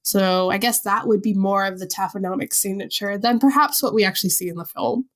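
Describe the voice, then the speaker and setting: A woman's voice: medium pitch, brisk. Chatty Long Island woman podcaster. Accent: Long Island New York. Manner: chatty, animated, laughs easily. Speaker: podcast co-host. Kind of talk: casual podcast chat.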